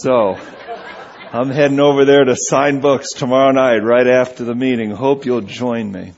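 A man preaching a sermon, telling a humorous story with animated delivery, on a dull lo-fi recording. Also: medium pitch, moderate pace, a faint crowd.

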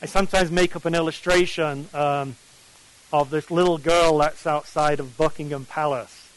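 Emphatic English preacher, high voice. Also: male voice, steady tone, normal speed, rough recording. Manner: emphatic, questions the audience. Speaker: preacher leading a morning Bible study. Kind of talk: sermon.

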